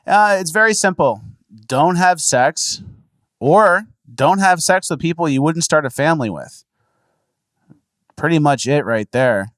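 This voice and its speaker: A man's voice: on the high side, animated, unhurried, fairly bright tone, no room sound, clean studio sound. A man hosting a casual podcast, commenting sarcastically and dismissively on news clips. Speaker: podcast host.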